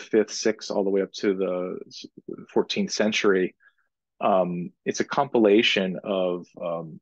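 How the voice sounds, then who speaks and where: A man with a very low, husky voice gives a slide lecture, pausing often with ums and starting phrases over. The recording is dry and lo-fi, with a dull, muffled top end. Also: no room sound. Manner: halting, many ums and restarts.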